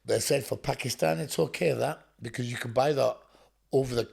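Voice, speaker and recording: A man's voice: mid-range voice, fairly quick, gravelly, a little mellow, slightly rough. A man from England, a podcast guest, telling his story bluntly, swearing often and acting out what people said. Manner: blunt, swearing, acts out dialogue. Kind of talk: storytelling interview.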